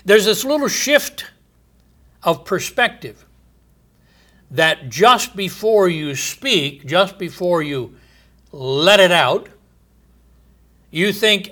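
Man, preacher, sermon, bright tone, slightly high voice, rhetorical questions. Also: animated. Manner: earnest, teaching, rhetorical questions, emphatic pauses.

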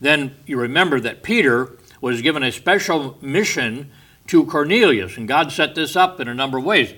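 A man's voice: mid-range voice, expressive, normal speed, bright, forceful tone. A man giving a Bible study lecture, explaining step by step, stressing key words and restating his points. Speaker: Bible teacher.

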